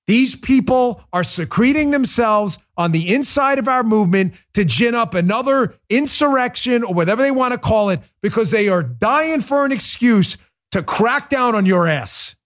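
A man's voice: very high-pitched, expressive, normal speed, fairly bright tone. A man hosting a political talk show, speaking emphatically and combatively, often mocking opponents. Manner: emphatic, combative, mocks opponents in put-on voices. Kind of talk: fiery political commentary.

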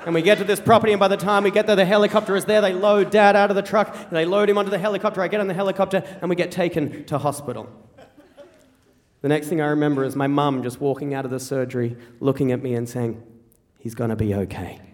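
A man telling a true story live on stage, wry and animated, acting out the voices of the people he quotes. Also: high voice, fast talker, a little hiss or hum. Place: theater stage before an audience. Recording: reverberant hall.

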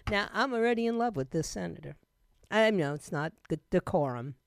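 Talk radio lady w scratchy throat, chatty and animated, laughs a lot, dry mic sound. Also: lowish voice, a little fast, vocal fry, no room sound. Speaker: radio talk show host.

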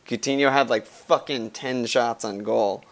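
Male American podcast co-host, foul-mouthed, animated storyteller. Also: mid-range voice, measured pace. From United States. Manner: swears often, animated storytelling. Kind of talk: casual football chat.

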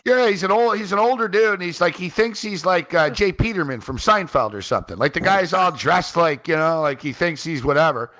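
Bright, animated man telling a story. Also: on the high side, a little fast, few pauses. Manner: animated, rambling, frequent "like" and "man". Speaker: fantasy sports radio co-host. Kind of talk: casual storytelling chat. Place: on a trip in Halifax.

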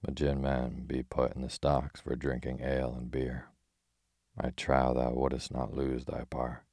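A man voicing a gruff, quick-tempered tinker who speaks bluntly in old-fashioned words, in an audiobook reading. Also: extremely low pitch, monotone, a little mellow, dry recording, studio quality, exaggerated voice. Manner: blunt, archaic speech, scolding.

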